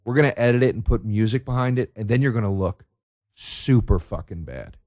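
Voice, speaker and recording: Gruff low-voiced male producer, cynical and crude, put on by a comedian. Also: brisk, a little mellow, dry recording, studio quality, natural voice. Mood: scolding. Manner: low, muttering, profane.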